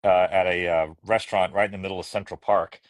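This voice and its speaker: Deep-voiced reflective man, rambling. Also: little pitch movement, fast, dry recording. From Arkansas, USA. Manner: rambling, reflective, many restarts. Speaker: guest, children's book author. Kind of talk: casual podcast conversation.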